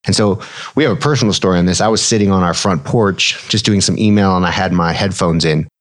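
Deep-voiced man explaining medicine casually. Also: fast talker. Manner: relaxed, explanatory, mixes medical terms with slang. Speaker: physician co-host.

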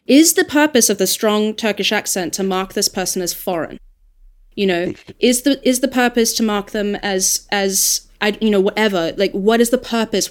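A woman dialect coach speaking as a podcast guest, thinking aloud in an earnest, emphatic way. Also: medium pitch. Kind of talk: podcast conversation.

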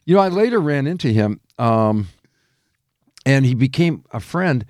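Chatting casually as a guest, a man who hosts a morning radio program spins lengthy stories, laughing often and filling them with fillers and restarts. He speaks a little slowly in a mid-range, slightly mellow voice with lively intonation, captured in a dry, studio-quality recording.

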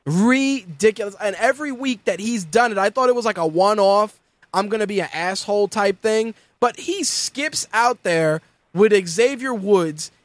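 A man hosting a casual wrestling and fight talk show, animated and profane, often mimicking the people he talks about. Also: high voice, normal speed, dry recording. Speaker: podcast host.

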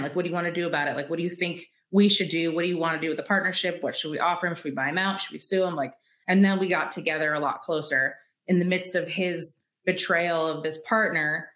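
A woman entrepreneur tells candid stories in an interview, with a somewhat low voice. She brings her tales to life by acting out quoted dialogue and laughing often. The room around her has a noticeable echo. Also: fairly bright tone. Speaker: guest entrepreneur.

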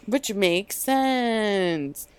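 A young woman co-hosting a podcast in casual chat, animated and full of fillers and quick asides. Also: mid-range voice, clean tone, no echo. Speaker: podcast co-host.

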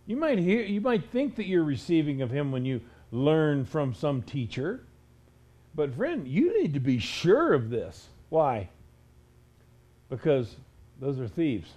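A man's voice: a little high, warm tone. A male preacher delivering a stern sermon, pressing his listeners with rhetorical questions.

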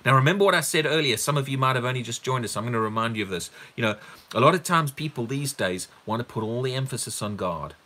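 Guy preaching, bright voice, gets all fired up and loud, lots of "no no no". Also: medium pitch, quick pace. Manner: animated, rising to loud excited bursts when quoting; repeats words and restarts when excited. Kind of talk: sermon.

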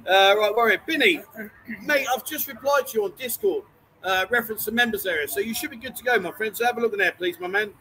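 A man's voice: sits high, fast talker, sharp tone, a little hiss or hum, poor audio. A man hosting a casual live stream from a bar, teasing his co-host and reading out viewer comments. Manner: teasing banter, reads viewer comments aloud.

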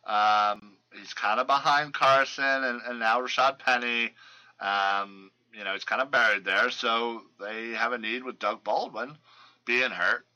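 A man's voice: mid-range voice, fairly even intonation, unhurried, bright, forceful tone, rough recording. A man hosting a casual sports podcast, rambling through player news with lots of fillers and restarts. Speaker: fantasy football podcast host.

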